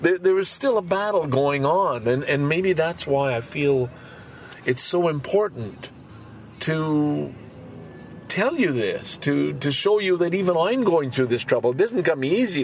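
A man of sixty-five hosting his podcast in a casual monologue, swinging from quiet musing to loud, cursing outbursts and repeating words to drive a point home. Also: on the high side, a little hiss or hum. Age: 60s. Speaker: podcast host.

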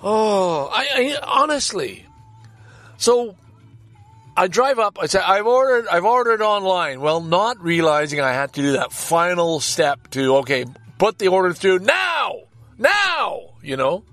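Older man, exasperated profane rambling, lively swooping pitch, dry close sound. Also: measured pace, no room sound, soft background music. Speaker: podcast host. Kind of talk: rambling personal anecdote. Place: parked car.

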